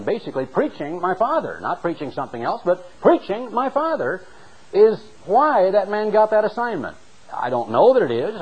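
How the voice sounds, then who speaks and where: A man's voice: a little high, husky, poor audio. A middle-aged man preaching a sermon, reading scripture aloud and stressing key words with rising and falling emphasis.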